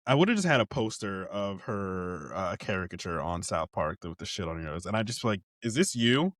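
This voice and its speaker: Expressive, sarcastic man podcast co-host. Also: brisk, no room sound, studio quality. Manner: expressive, sarcastic, profane, acts out quotes in high voices. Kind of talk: casual chat.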